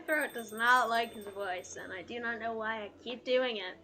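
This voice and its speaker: A woman's voice: fairly high pitch, moderate pace, hardly any pauses, pushed and bright, a little hiss or hum. Chatty self-mocking woman streamer. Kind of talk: casual live-stream chat while reading a game aloud. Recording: game music behind.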